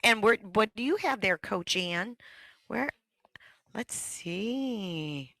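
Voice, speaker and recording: A woman leading an online music workshop for teachers, talking and breaking into high sung echo songs. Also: animated, slow, pushed and bright.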